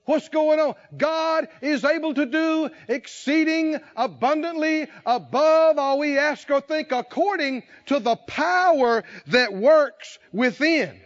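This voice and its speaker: A man with a very high voice preaches a sermon, drawing out his words slowly and building to fervent shouted lines. The recording is dull and lo-fi, like an old church tape. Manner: storytelling with rising fervor and shouted lines. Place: church conference hall.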